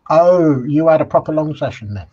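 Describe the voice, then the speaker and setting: A man's voice: a little high, expressive, a little fast, mellow. A man co-hosting a casual live stream, chiming in with short, easygoing replies. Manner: easygoing, brief replies and chuckles. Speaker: co-host. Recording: dull, lo-fi sound.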